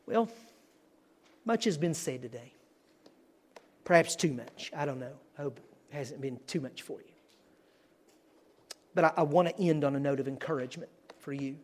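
A man's voice: on the high side, lively intonation, moderate pace, long pauses, a little mellow. A man preaching as a guest, earnest and building to emphatic declarations. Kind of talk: sermon.

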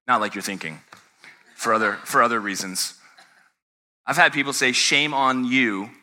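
A man in his thirties preaching a sermon as pastor, animated and conversational, asking the congregation questions and swinging from loud emphatic peaks to quiet low passages. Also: normal speed, slight background noise.

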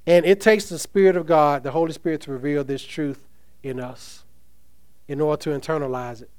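A man's voice: a little high, steady tone, a little fast, darkish tone, clean tone. A man preaching a sermon, reading scripture aloud and asking the congregation questions with emphasis. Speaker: pastor.

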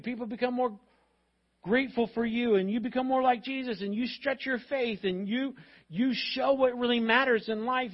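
A man preaching a sermon to his congregation. He talks in a lively, animated way and acts out voices of parents and of God. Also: very high voice, slightly rough, lo-fi sound. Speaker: pastor.

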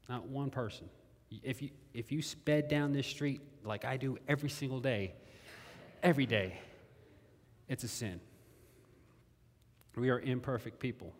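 A man's voice: mid-range voice, unhurried, long pauses. A man preaching a sermon in a conversational way, repeating phrases and asking his listeners questions. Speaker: pastor. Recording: long hall reverb.

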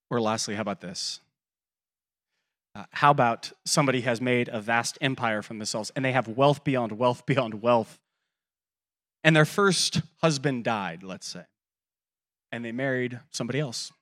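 This sermon comes from a pastor in his thirties with a mid-range voice at normal speed. He tells stories, acts out quoted voices, and swings between loud and quiet.

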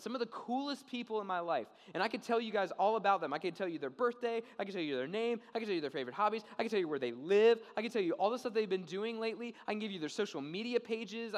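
Casual young preacher in an echoing hall. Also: male voice, high voice. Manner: animated storytelling, acts out quoted voices; casual, keeps adding "okay?" to check in. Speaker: pastor. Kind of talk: sermon. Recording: long reverb of a large hall.

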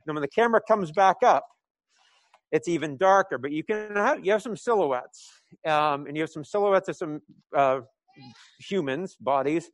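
Speaking at a moderate pace in a fairly high voice with no room sound, a man from New England delivers a casual sermon, picturing a scripture story as a film scene, with many fillers and restarts.

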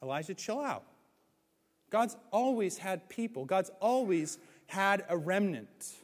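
A man preaching a sermon as pastor, animated, swinging between loud, excited stretches and hushed ones. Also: high voice, measured pace. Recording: hall reverb.

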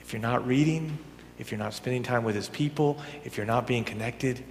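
A man preaching a sermon as a pastor, talking conversationally and swinging between loud emphatic bursts and quiet, almost whispered lines. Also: medium pitch, brisk, creaky, slight background noise. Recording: long hall reverb.

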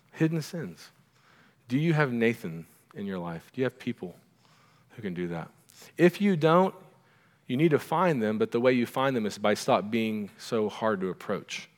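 A middle-aged man preaching in a church sanctuary, his voice carrying a long hall reverb. He talks to the congregation in a casual, conversational way, tossing in little asides to keep them with him, at an ordinary middle pitch. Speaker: pastor. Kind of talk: sermon.

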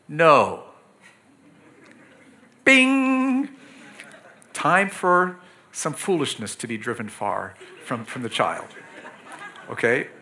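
Bright-voiced middle-aged pastor preaching. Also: male voice, fairly high pitch. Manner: earnest, pleading, emphatic with sudden loud bursts. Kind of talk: sermon.

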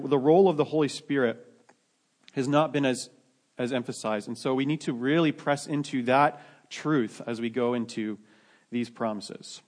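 A man preaching a sermon to his church in a conversational way, often restarting his sentences and adding joking asides. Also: mid-range voice. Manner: conversational, many restarts, self-deprecating asides. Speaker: pastor.

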